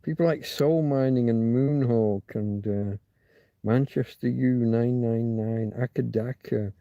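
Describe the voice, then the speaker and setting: A man's voice: medium pitch, slow pace, vocal fry, no echo, muffled recording. A man hosting a loose livestream, thinking aloud and muttering asides as he reads viewers' chat. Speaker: livestream host. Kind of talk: rambling live chat with viewers.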